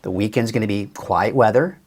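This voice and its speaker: A man's voice: lowish voice, brisk, a little mellow, breathy edge. A man giving a casual, chatty live weather forecast as a TV meteorologist, upbeat and a bit tired, with many fillers and restarts.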